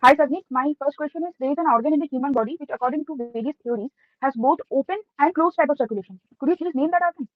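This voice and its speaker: A young Indian woman with a high voice rattles off questions very fast. She is patient and encouraging, and she comes through a tinny, dry call line with no room sound. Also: no echo. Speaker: quiz questioner, medical student.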